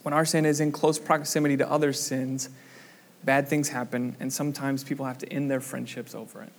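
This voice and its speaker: A man's voice: medium pitch, little pitch movement, brisk. A young man preaching a sermon, telling a funny personal story in a casual way with lots of fillers before moving on to the scripture. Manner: casual storytelling with many fillers, acts out quoted voices loudly.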